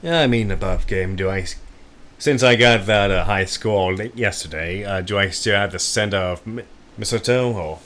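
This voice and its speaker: Deep-voiced man playing a tabletop game. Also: normal speed, fairly bright tone. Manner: speculative, hesitant, trailing off and restarting. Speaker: player.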